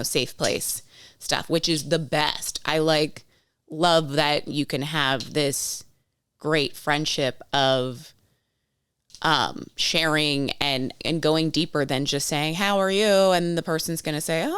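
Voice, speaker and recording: A woman's voice: sits low, a bit bright, clean tone, no echo, clean studio sound. A woman in her thirties co-hosting a podcast, chatting casually and telling stories with quoted voices. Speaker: podcast co-host. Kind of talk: casual chat.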